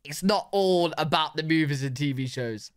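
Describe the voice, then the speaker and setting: A man's voice: on the high side, moderate pace, smooth, dry recording, studio quality. A British man hosting a reaction video, chatting casually and asking curious questions. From Britain.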